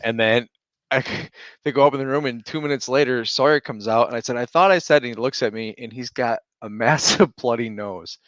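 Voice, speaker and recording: A man's voice: mid-range voice, steady tone, brisk, a bit bright, no echo, highs cut off. A man in his thirties, co-hosting a casual chat over a remote call, telling rambling stories and laughing often. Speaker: podcast co-host.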